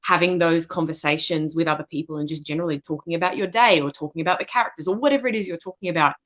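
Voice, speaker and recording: Through dull, lo-fi sound comes a woman's low-pitched, fairly bright voice in rapid-fire delivery. She's an assistant director and narrator fielding live Q&A questions thoughtfully, often restarting what she says.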